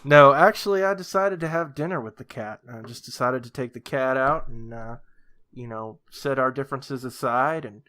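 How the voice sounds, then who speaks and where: A man co-hosting a casual comedy podcast, telling absurd stories in a deadpan way, full of ums and uhs. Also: mid-range voice, normal speed. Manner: deadpan, rambling, many fillers. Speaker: podcast co-host. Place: lives in Brazil.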